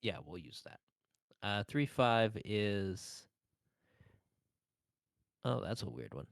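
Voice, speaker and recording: Young guy running a tabletop game, slow and halting, lowish voice, dry close mic, lots of uhs. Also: big pitch swings, creaky, no echo. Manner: slow, hesitant, filler-heavy. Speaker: game master.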